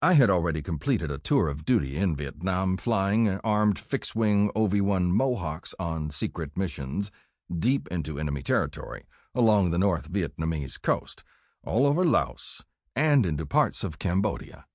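An older man from California reading his own memoir aloud in a measured, plain storytelling manner. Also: deep voice, lively intonation, a little mellow, no room sound, studio quality. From California, USA. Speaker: author narrating his memoir. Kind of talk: audiobook memoir narration.

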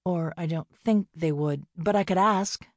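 A woman's voice: on the low side, a little slow, a little mellow, no room sound, studio quality. A woman voicing an earnest, flustered young farm woman who speaks kindly and trips over her words when nervous. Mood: flustered, caring.

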